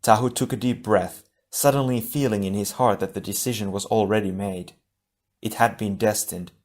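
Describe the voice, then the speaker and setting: A low-pitched man reads an adventure audiobook aloud. His narration is steady and measured. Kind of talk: scripted narration.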